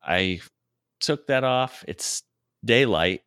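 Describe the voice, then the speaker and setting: A man casually telling a long personal story, laughing often, swearing freely and quoting himself in a low mutter. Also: expressive, takes it slowly, sharp tone, clean tone, no echo, clean studio sound. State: sore throat.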